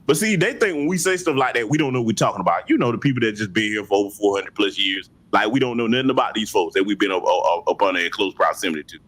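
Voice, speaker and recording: Brief: male commentary host, animated and sarcastic, wide-swinging pitch. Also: quick pace, hardly any pauses. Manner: mocking, preachy, talks back to clips. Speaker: host commenting on political clips.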